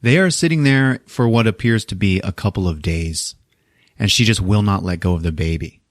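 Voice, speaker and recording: A man's voice: on the low side, normal speed, no echo, clean studio sound. A man casually retelling a movie plot on a podcast, swearing freely and acting out the scenes. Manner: animated, profane storytelling. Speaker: podcast host.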